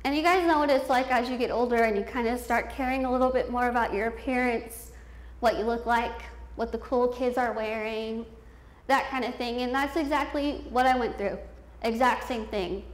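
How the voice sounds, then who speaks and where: A woman in her twenties telling her life story as a motivational speaker, candid and self-deprecating, laughing often. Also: fairly high pitch. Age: 20s. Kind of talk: personal storytelling speech. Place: event hall with a youth audience. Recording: echoey room.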